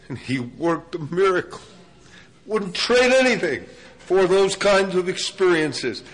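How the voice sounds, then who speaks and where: Older male preacher, high voice, animated storyteller, sermon delivery. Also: unhurried, low-quality recording. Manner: animated storytelling, pitch drops low for emphasis.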